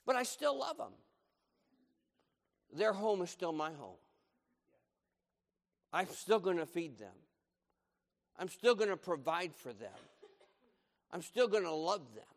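An older man preaching a sermon, emphatic and repeating his key lines. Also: on the high side. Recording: long hall reverb.

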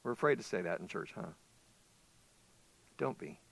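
A male pastor preaching a sermon in an animated way, asking the congregation questions. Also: low-pitched, moderate pace, gravelly, husky.

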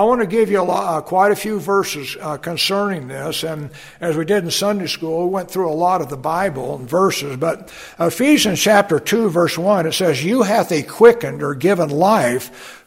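A man preaching a sermon as a pastor, unhurried, with fillers and folksy asides as he reads scripture aloud. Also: a little high, creaky, breathy edge.

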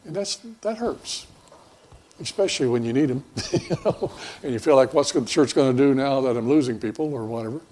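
A man's voice: mid-range voice, a little mellow, slightly rough. A man pastor preaching a conversational sermon in a folksy, rambling way, with many fillers and restarts.

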